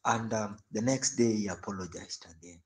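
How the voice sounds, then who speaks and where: A male preacher delivering a sermon through animated storytelling and repeating phrases for emphasis. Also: fairly low pitch, moderate pace.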